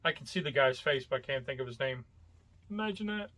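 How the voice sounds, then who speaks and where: A man chatting casually as a podcast co-host, at an ordinary mid pitch. He rambles, loses his words and fills the gaps with "um" and "you know.". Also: animated, fairly quick, pushed and bright. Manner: rambling, searches for words with many fillers. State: coughing from hot coffee. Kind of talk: casual chat.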